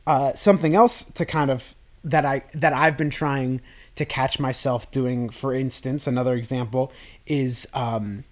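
A man hosting a self-improvement podcast, talking through his thoughts in a loose, rambling way with many restarts. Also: mid-range voice. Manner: rambling, with frequent restarts and fillers. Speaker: podcast host.

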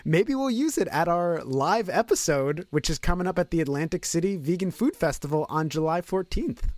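A man's voice: on the high side, expressive, moderate pace, a little mellow, no echo. A man co-hosting a casual podcast, upbeat and playful. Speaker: podcast co-host.

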